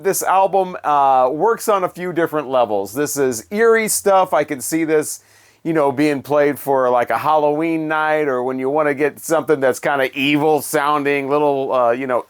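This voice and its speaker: A man casually reviewing old albums, rambling and joking, correcting himself as he goes. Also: fairly high pitch. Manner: rambling, self-correcting, jokey. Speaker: music reviewer.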